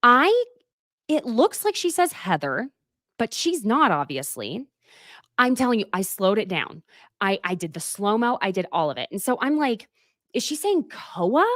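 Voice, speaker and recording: A woman hosting a podcast, chatting casually in an animated, breathless way as she recaps and tells stories. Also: mid-range voice, normal speed, dry recording, studio quality. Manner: animated, breathless storytelling with frequent laughs. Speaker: podcast host. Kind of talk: casual gossip chat.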